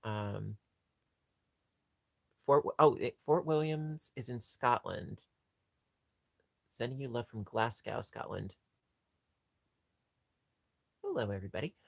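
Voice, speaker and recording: A man chats casually as a livestream host in a mid-range voice, rambling along with restarts and ums. He keeps gushing and breaking into squeaky high squeals. The sound is dry and close, with no room echo. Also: takes it slowly, vocal fry, pauses often. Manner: gushing, jumps to squeaky high pitch on cute things.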